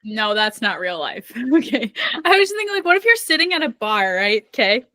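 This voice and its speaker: A young woman co-hosting a book podcast, chatting casually and spinning playful what-if scenarios with plenty of "like" fillers. Her voice is bright and sits a little high. It is recorded close and dry, with no room sound. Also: very animated, brisk, no echo. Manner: playful, talks through imagined scenarios, many "like" fillers. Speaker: podcast co-host. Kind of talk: casual chat about books.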